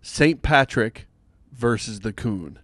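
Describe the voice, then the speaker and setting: A man's voice: medium pitch, animated, slow, fairly bright tone, no echo. A man hosting a podcast, chatting casually in a rambling, joking way with plenty of fillers. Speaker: podcast host. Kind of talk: casual chat.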